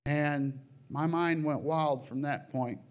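Earnest man telling a dream testimony. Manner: earnest, halting storytelling with many restarts; rises high and loud at emotional peaks. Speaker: Christian sharing a testimony. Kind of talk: personal testimony.

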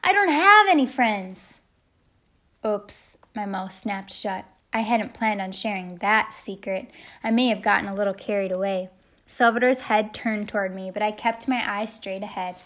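A woman's voice: medium pitch, steady tone, moderate pace. A woman narrating a first-person audiobook in a heartfelt storytelling manner. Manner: heartfelt storytelling, shouting the quoted lines.

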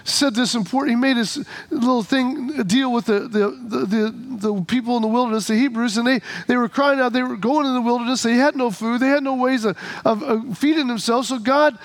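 High-voiced pastor preaching in a chatty way. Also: male voice, fairly even intonation, a little fast. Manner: conversational, humorous storytelling. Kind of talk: sermon.

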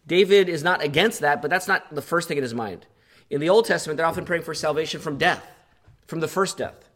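A man's voice: a little high, brisk, fairly bright tone. A male pastor preaching an earnest sermon, growing impassioned as he voices the psalmist's pleas.

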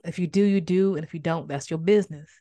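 Woman podcast host, lower-pitched voice, casual devotional teaching, dry close sound, heartfelt and conversational. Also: fast talker, dark tone, no echo. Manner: conversational, addresses listeners as y'all; emotional, fighting back tears of joy. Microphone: microphone with a faulty cord.

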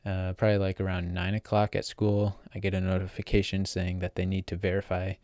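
Rambling teenage guy, very low voice. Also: monotone, a little fast, darkish tone, dry recording, clean studio sound. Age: teens. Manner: rambling, filler-heavy, self-correcting. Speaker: vlogger. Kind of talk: casual storytelling.

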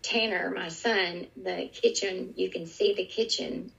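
Gravelly-voiced woman telling a hard story. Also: on the low side, steady tone. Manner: earnest, vivid retelling with halting restarts. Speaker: interviewee. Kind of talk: personal storytelling in an interview. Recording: dull lo-fi recording.

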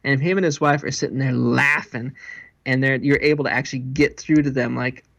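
A pastor and marriage seminar speaker, an animated storyteller who acts out the people he quotes. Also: medium pitch, fairly quick, gravelly. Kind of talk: interview guest.

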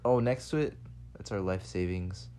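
Young man, podcast co-host, lowish voice, joking banter, faint background hiss. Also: normal speed, dark tone. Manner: joking, laughs often, trails off mid-sentence. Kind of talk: casual comedic podcast chat.

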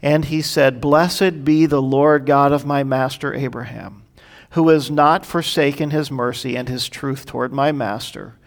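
A man's voice: medium pitch, steady tone, a little slow, vocal fry. A man preaching a sermon, reading scripture aloud and explaining it in an earnest, conversational way, briefly acting out the people in the passage. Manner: earnest, explanatory, acts out quoted prayers. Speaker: pastor. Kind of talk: expository sermon.

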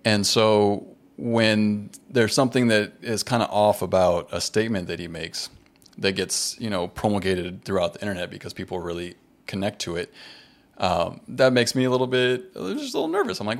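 Man, podcast guest, low voice, thoughtful, hedging, casual chat. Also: expressive, moderate pace. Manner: thoughtful, hedging, many restarts. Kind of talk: casual conversation.

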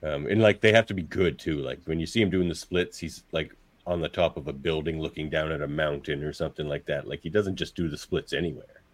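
A man's voice: rumbling low, fairly quick, no echo. A man co-hosting a movie podcast, chatting with wry, laughing asides. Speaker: podcast co-host. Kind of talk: casual movie review chat.

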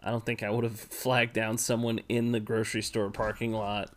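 A man co-hosting a podcast who speaks in a low-key way with dry humor. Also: flat delivery, moderate pace, slight background noise. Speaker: podcast co-host. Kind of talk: casual chat.

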